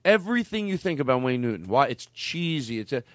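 A man hosting a loose comedy podcast, rambling between jokes and breaking into laughter. His pitch swoops up and down freely, and the sound is close and dry. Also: very animated, a little fast, no room sound. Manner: rambling, laughing, swearing, mock outbursts. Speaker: podcast host. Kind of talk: casual comedic chat.

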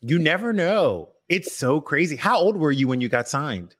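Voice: medium pitch, very animated. A podcast host asking questions and joking in casual interview chat. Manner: playful, quick reactions and jokes.

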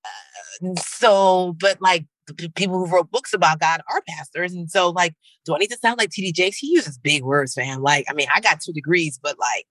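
Woman from Nigeria, young adult, bright voice, lively slangy chat, frequent laughter, pitch jumps, dry close recording. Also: normal speed, dry recording, poor audio. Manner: animated and slangy, laughing often, leaping up in pitch. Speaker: guest, comedian and actor. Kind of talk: casual interview chat.

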